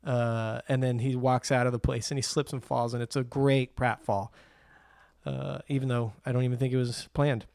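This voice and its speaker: Speaking at normal speed with a creaky, medium-pitched voice, a podcast co-host laughs a lot while casually discussing movies and performing scenes from them. The tone is clean and the recording dry.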